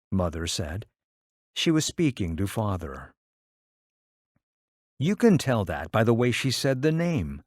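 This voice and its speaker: A man narrating a short story as an audiobook in a measured way. His voice is low and slow, with lively rises and falls. The recording is close and dry. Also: no echo. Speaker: story reader.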